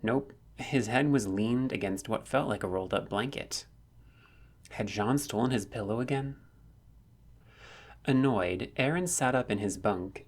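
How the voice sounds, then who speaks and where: A man narrating a fan fiction story with steady storytelling. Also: on the low side.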